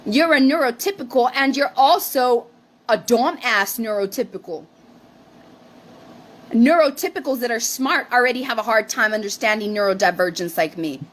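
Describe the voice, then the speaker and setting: High-voiced woman ranting with profanity. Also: normal speed. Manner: profane, defensive, mixes in Spanish phrases. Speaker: livestream co-host. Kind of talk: heated casual rant.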